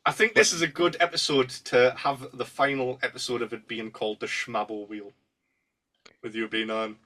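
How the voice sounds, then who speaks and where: Casting: podcast host, male, mid-range voice, easygoing and quick to laugh. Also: mid-range voice, sharp tone, far from the mic. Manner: leads the talk, laughs easily. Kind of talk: casual podcast chat.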